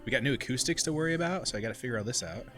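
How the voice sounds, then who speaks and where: A man's voice: mid-range voice, expressive, very fast, fairly bright tone, soft background music. A man hosting a live-streamed tabletop game show from a game shop's back room, chatty and joking, laughing often. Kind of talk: casual chat.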